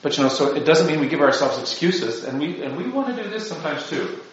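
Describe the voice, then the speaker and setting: A man's voice: on the high side, very animated, fast. A man giving an informal spiritual talk to his parish, rambling and self-deprecating, full of asides. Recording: distant mic, very echoey, dull lo-fi sound.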